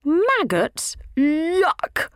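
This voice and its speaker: A woman's voice: sits high, huge pitch swings, extremely slow, no echo, clean studio sound, pitched above the performer's own voice, exaggerated voice. A woman voicing a flustered, squeamish young female flower creature who stammers, in a children's storybook.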